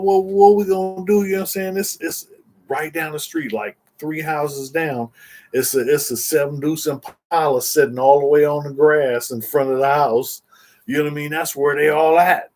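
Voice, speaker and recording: A man's voice: on the high side, darkish tone. A man casually telling a story in slangy street talk, rambling with restarts and constantly checking in with the listener. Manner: slangy street talk, constantly saying "you know what I'm saying"; rambling with restarts and repeated words. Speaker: interview guest telling a story.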